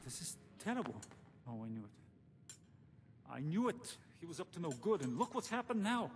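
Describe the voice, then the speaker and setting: A man's voice: on the high side, sing-song, normal speed, soft background music. An actor playing an anxious man pleading for help after his brother was taken, in a game. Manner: frantic, pleading.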